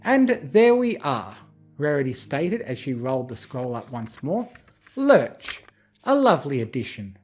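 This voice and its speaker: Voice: mid-range voice, very animated, a little slow, darkish tone, soft background music. A narrator voicing a refined, elegant female pony who speaks in a prim, genteel way. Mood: pleased.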